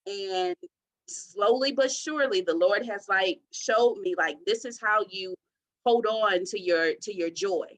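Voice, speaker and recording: Woman guest in her 30s from Detroit. Expressive, faith-centered storytelling, mid-range voice. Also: medium pitch, a little slow, rough recording. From Detroit, USA. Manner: expressive, testimony-style storytelling. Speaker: podcast guest. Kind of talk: faith-centered interview talk.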